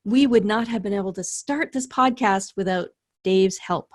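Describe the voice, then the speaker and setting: A woman's voice: mid-range voice, moderate pace, darkish tone. A woman hosting an interview podcast, enthusiastic and admiring toward her guest, laughing often. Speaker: podcast host. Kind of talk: casual interview.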